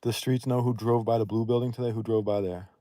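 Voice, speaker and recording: A man talking casually on a livestream, blunt and profane, rambling and quick to raise his voice. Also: mid-range voice, steady tone, mellow, no echo, studio quality. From Northeast United States.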